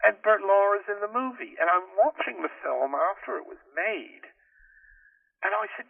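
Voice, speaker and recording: An older man, a guest in an interview, telling long rambling anecdotes with many restarts and excited asides. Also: high voice, moderate pace, gravelly, no echo. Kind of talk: storytelling in an interview. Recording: tinny phone line, distant from the mic.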